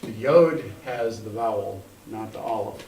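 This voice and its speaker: A man's voice: fairly low pitch, measured pace, a little mellow. A man teaching a class, patiently coaching students through pronunciation syllable by syllable. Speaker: Hebrew teacher. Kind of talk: classroom instruction. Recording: echoey room, mic at a distance, faint noise.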